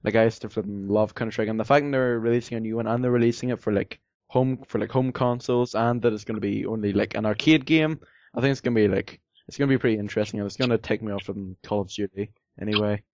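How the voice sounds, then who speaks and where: A man's voice: fairly low pitch, steady tone, fast, darkish tone, no room sound, lo-fi sound. A man chatting casually as a podcast co-host, rambling with lots of fillers and some sarcasm. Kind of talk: casual chat.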